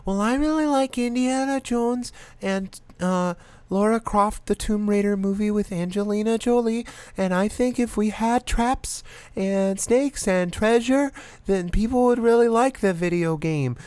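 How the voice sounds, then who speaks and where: A man voicing an eager little girl who rambles as she pitches game ideas. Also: unhurried, a little mellow, clear, resonant tone, no echo, close to an everyday voice.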